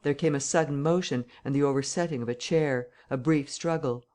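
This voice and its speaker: Measured male audiobook narrator. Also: mid-range voice, darkish tone.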